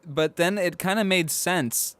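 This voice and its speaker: A man's voice: high voice, unhurried, fairly bright tone, no echo. A man co-hosting a casual film podcast, thinking aloud in long rambling turns with restarts. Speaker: podcast co-host.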